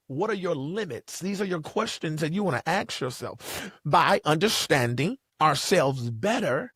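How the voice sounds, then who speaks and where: A man's voice: fairly high pitch, fairly bright tone, husky, no echo, studio quality. A man hosting a podcast, delivering motivational advice in an emphatic, repetitive preacher's cadence. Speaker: podcast host.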